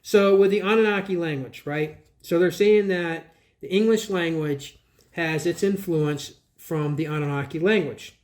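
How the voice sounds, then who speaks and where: A man's voice: fairly high pitch, a little slow, a little mellow. A man hosting his own channel, reviewing a book in casual, rambling commentary, scoffing at ideas and spelling words out letter by letter. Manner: digressive, restarts and trails off.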